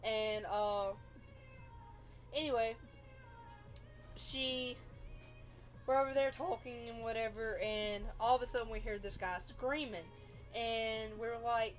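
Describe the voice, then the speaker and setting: A woman's voice: on the high side, fairly even intonation, measured pace, pauses often, soft background music. A woman telling a personal story on a livestream, rambling with lots of fillers and restarts.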